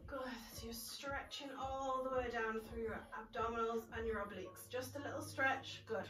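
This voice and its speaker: A woman's voice: fairly high pitch, fairly even intonation, moderate pace, pushed and bright. A woman leading an exercise class, upbeat and encouraging as she counts reps and lets out cheery whoops. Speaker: fitness instructor. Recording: echoey room, voice from a distance. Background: background music.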